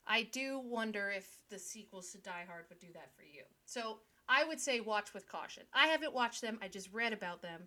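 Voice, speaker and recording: Young woman on a podcast, bright voice, jokey and playful. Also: mid-range voice, lively intonation. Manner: playful, joking, quick to laugh. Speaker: podcast co-host. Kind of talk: casual chat.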